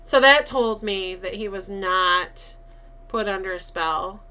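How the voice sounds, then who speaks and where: A woman's voice: medium pitch, slow, pushed and bright. A woman co-hosting a podcast in casual chat, retelling scenes and acting out the lines. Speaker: podcast co-host.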